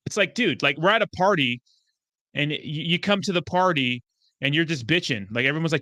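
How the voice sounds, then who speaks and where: A man with a forceful, bright, fairly high voice runs a crypto livestream. He talks back to his chat, profane and excitable. The sound is close and dry. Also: a little fast, no room sound. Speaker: crypto YouTuber host. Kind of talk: livestream commentary answering chat.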